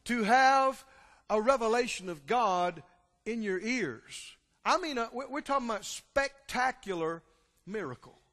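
Preacher guy, high bright voice, gets loud then drops way down, echoey hall. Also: expressive, measured pace. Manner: impassioned, rising to loud exclamations then dropping low. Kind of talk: sermon. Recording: long hall reverb.

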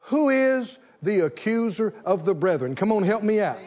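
A man preaching a sermon as the pastor, with animated call-and-response delivery. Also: high-pitched, moderate pace, muffled recording.

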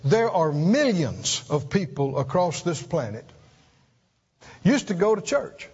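A man preaching a sermon, earnest and emphatic, often repeating words and climbing high to stress a point. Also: big pitch swings, slow, a little mellow. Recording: dull sound in a reverberant hall.

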